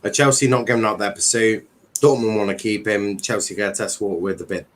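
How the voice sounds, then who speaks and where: A man hosts a relaxed football chat livestream in a fairly low voice. He rambles, piling up ums and restarting his sentences as he goes. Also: quick pace. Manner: rambling, many fillers and restarts. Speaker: livestream host. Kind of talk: casual football chat stream.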